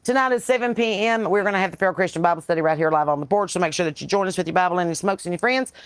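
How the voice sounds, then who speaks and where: A woman's voice: fairly low pitch, racing, clean tone, dry recording. Blunt Southern woman host, dry sound. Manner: blunt, profane, folksy preaching with laughs. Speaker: podcast host. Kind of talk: casual livestream chat reading viewer comments. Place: on a porch. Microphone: computer mic.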